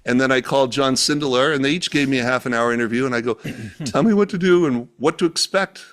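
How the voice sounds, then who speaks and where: A man's voice: medium pitch, fast, fairly bright tone, clear, resonant tone. A man telling a story in casual conversation, acting out the dialogue he quotes, speaking over a video call. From United States. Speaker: guest, event organizer. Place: home, remote call.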